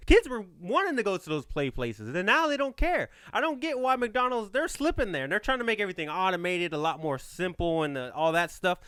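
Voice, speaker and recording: A young man hosts a casual podcast, telling stories with slangy, joking energy. His voice is bright and somewhat high, jumping up and down in pitch. The sound is dry and close. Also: a little fast, few pauses, clean tone, no room sound. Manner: animated, joking storyteller with slangy talk. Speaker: podcast host.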